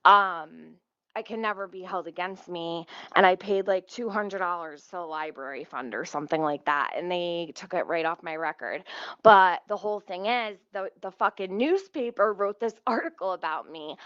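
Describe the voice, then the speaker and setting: A woman's voice: lowish voice, expressive, moderate pace, fairly bright tone, clean tone, dry recording. A woman in her thirties telling a story casually, swearing a lot, sounding exasperated and laughing often. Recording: slightly muffled dry recording.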